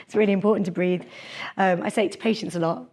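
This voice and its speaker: A young adult woman leading a live public speaking workshop in a lecture room, talking in a lively, chatty way and laughing often. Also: medium pitch, quick pace.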